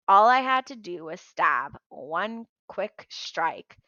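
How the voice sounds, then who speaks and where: A woman reading a novel aloud in an expressive, lively storytelling manner. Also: on the low side, slow, dry recording, muffled recording. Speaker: audiobook reader.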